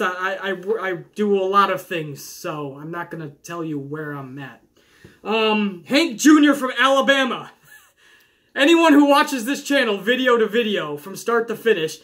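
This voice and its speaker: A man's voice: high voice, pushed and bright. A young man hosting a casual podcast, chatting enthusiastically as he reads out viewer questions and riffs on the answers. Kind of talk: casual chat.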